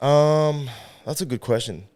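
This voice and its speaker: A man in his thirties, an event organizer and rapper, appears as a podcast guest in a casual conversational interview. His voice is on the high side and measured in pace, yet he's animated, swearing freely and acting out the voices of people he quotes.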